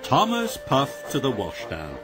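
Brief: male storybook narrator, slow and sing-song, music bed behind. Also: mid-range voice. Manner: sing-song, expressive reading.

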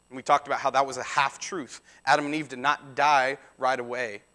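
Male pastor, 30s, mid-pitched voice; conversational sermon delivery, loose, with asides. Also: steady tone, normal speed, bright, forceful tone. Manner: conversational, frequent "right?" and restarts.

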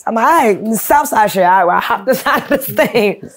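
A woman from Queens, a guest rapper telling a story in a casual interview. She talks in a profane, animated way and acts out the voices of the people she quotes. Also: a little high, a little fast. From Queens, New York.

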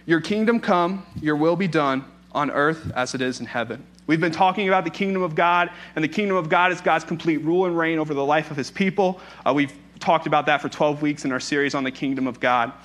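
A man's voice: on the high side, quick pace, few pauses, a bit bright. A young adult man, a pastor, preaching a sermon in a conversational way, telling stories with playful asides.

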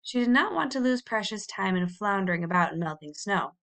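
A woman reads a storybook aloud in a measured, expressive way. Her mid-pitched voice has a gravelly, creaky texture. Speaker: audiobook reader. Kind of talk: storybook narration.

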